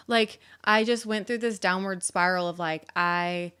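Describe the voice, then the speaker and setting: A woman in her thirties joins a podcast as a guest and talks openly and reflectively about her life. Her voice is smooth and clear and sits a little low. She scatters "like" and "I mean" through her speech. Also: fairly even intonation, unhurried, hardly any pauses, a bit bright. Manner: candid, self-reflective, filler-heavy. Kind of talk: casual chat.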